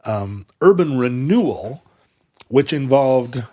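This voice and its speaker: Slow and mellow, with lively intonation, this man's mid-range voice carries a long, discursive explanation of history. He's a podcast co-host in a casual chat.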